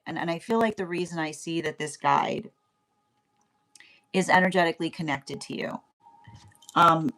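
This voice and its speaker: Woman tarot reader, halting and repetitive delivery with many fillers, turns lively as she goes. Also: fairly low pitch. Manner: grows animated and laughing. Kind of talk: spoken intuitive reading.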